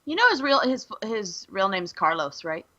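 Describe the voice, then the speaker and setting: A woman's voice: mid-range voice, sing-song, pushed and bright, dull audio. A woman hosting a casual podcast chat, blunt and opinionated. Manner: blunt, opinionated, quick reactions. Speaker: podcast host.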